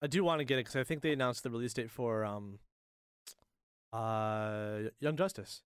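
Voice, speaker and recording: Smooth-voiced man chiming in. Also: medium pitch, dry recording, studio quality. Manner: brief agreeing interjections, quick asides. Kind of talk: casual chat.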